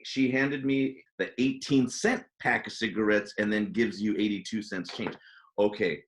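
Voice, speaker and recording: A man's voice: on the low side, fairly even intonation, moderate pace. A man interviewing a guest, adding short encouraging reactions and follow-up questions. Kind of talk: casual interview.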